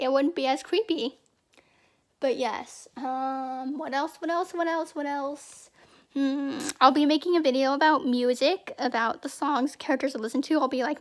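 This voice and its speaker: High-pitched young woman vlogging, rambly and chatty about movies. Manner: rambling, chatty, repeats words. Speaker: channel host. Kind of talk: casual fan commentary.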